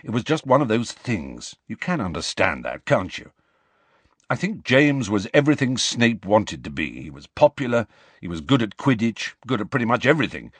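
A man voicing a blunt, loyal grown man who speaks in a brisk, placating way. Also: fairly low pitch, sing-song, breathy edge, no echo.

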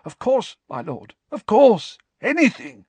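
A man voicing a terrified, cowering male servant who croaks hoarsely and grovels in haste. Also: high voice, pushed and bright, dry recording, voice pushed up, heavily acted. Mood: groveling fear. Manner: groveling, hurried, fearful.

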